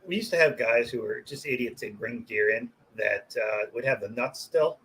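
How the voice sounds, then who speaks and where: A man, a butcher guest on a casual podcast, telling animated, profane workplace stories and laughing along with them. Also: mid-range voice, normal speed, slight background noise, rough recording. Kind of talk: casual storytelling chat.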